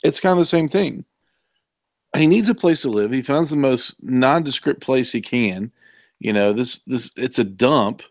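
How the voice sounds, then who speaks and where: A man's voice: medium pitch, animated, unhurried, no echo. A man co-hosting a comics podcast in casual chat, rambling with many fillers and restarts. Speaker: podcast co-host.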